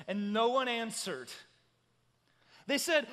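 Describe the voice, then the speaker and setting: A male preacher with a very high, bright and forceful voice delivers a dramatic sermon. He swings between loud cries and hushed storytelling, and the sound rings with the long reverb of a big church hall. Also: big pitch swings, takes it slowly, long pauses.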